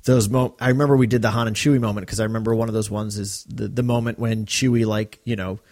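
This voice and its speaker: A man co-hosting a podcast in casual chat, talking animatedly and breaking into quick quoted lines. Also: fairly low pitch, fairly even intonation, a little mellow. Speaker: podcast co-host.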